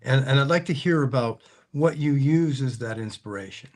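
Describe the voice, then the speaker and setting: A man's voice: mid-range voice, normal speed, a little mellow. A man hosting a casual interview, rambling and hesitant with many fillers. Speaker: host, car dealer.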